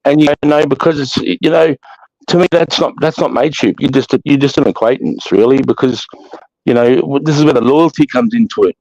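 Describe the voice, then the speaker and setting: Brisk and a little mellow in a mid-range voice, the Australian host of a live chat show rants casually, blunt, profane and emphatically preachy. Audio is dry, dull and lo-fi.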